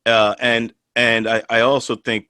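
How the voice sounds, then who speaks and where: A man co-hosting a podcast, agreeing with the host in casual, halting chat about a movie. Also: medium pitch, little pitch movement, bright, forceful tone, clear, resonant tone, no room sound, studio quality.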